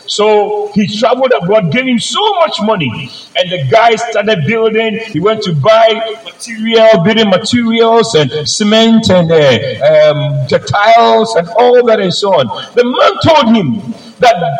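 A man's voice: high-pitched, sing-song, measured pace, echoey room, low-quality recording. A man preaching a sermon at a church service, telling personal stories and calling for amens. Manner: personal storytelling, calls for amens.

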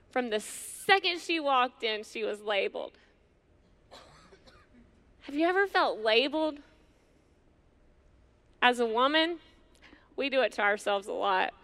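Middle-aged woman preaching to women, slow and earnest, bright clear voice. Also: on the high side, expressive. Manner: earnest, conversational preaching with slow emphatic pauses. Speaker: women's ministry speaker. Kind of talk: sermon to a women's gathering.

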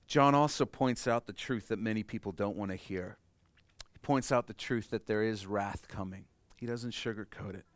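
A man preaching a sermon, swinging from loud emphatic peaks to soft low asides. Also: dry recording. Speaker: pastor.

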